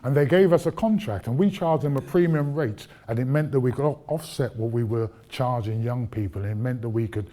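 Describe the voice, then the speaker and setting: A man's voice: medium pitch, a little fast, few pauses, mellow. A man giving a public lecture, telling stories from his past in a conversational way, with asides to the audience. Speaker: guest lecturer.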